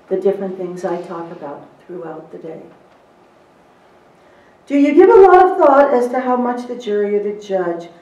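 A middle-aged woman presenting a live seminar to court reporters, emphatic and lively, with teasing asides. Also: medium pitch, dull audio. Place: seminar room. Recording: roomy echo, recorded from a distance.

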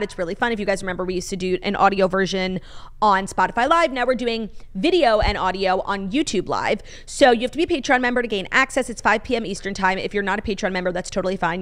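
A woman's voice: medium pitch, fairly bright tone. A young woman co-hosts a chatty podcast. She gushes, swears freely and fills her talk with "like" and "um." Her voice sits in the middle of the usual range for a woman. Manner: gushing, swears freely, full of fillers. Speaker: podcast co-host. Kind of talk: casual chat.

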